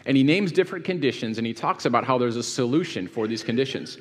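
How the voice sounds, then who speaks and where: Pastor preaching in a reverberant hall. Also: male voice, mid-range voice, fast. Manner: reads scripture and quizzes the audience. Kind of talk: sermon to a live congregation.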